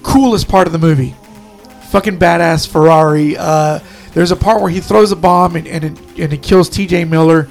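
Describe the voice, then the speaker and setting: A man's voice: on the high side, fairly even intonation, moderate pace, creaky, faint music behind. A man co-hosting a casual podcast chat, telling rambling, profane stories full of restarts. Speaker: podcast co-host.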